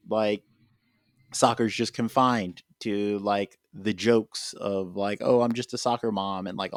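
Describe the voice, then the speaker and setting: A man's voice: on the low side, no room sound, clean studio sound. A man hosting a casual podcast chat, rambling with lots of filler words and restarts. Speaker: podcast host.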